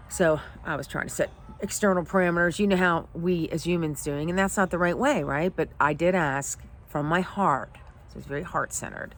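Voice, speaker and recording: A middle-aged woman with a somewhat low voice tells a personal story as a life coach. She talks in a heartfelt, emotional way. A faint noise sits behind her. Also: a little fast. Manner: emotional, heartfelt, teary at times.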